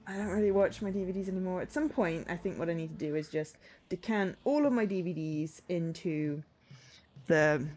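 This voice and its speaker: A woman in her thirties chats while livestreaming a game, rambling from tangent to tangent in a self-deprecating, chatty way. Her lowish voice is a little mellow and moves at a moderate pace, with faint music in the background.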